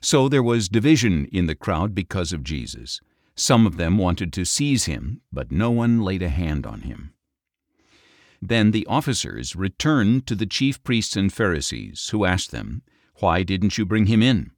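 A man narrating scripture in a steady, solemn reading. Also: low voice, unhurried, no room sound, studio quality. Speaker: scripture reader.

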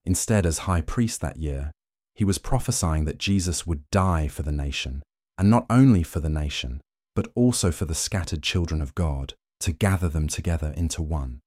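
Deep-voiced man reading scripture. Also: normal speed, a little mellow, no echo, clean studio sound. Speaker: scripture reader. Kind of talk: scripted Bible narration.

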